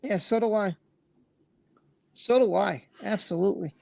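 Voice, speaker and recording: Gravelly man hosting an emotional livestream. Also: sits high, a little slow, no room sound. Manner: earnest and emotional, swears freely, repeats phrases. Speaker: livestream host. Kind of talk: emotional livestream chat, reading comments aloud.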